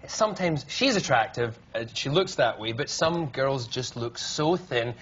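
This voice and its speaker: A man's voice: mid-range voice, lively intonation, fairly bright tone. A man from Scotland speaking with a mixed Scottish and American accent, a flirty, joking guest on a chat show. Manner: flirty, joking, quick to laugh. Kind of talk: casual chat show interview. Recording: dull lo-fi TV audio with faint noise.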